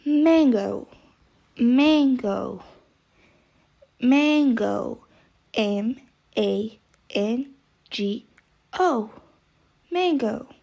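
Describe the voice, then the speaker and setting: A woman's voice: on the high side, expressive, drawn-out words, gravelly, pauses often, dark tone. A woman teaching English vocabulary, saying each word several times and spelling it out letter by letter. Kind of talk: vocabulary lesson, slow spelling drills.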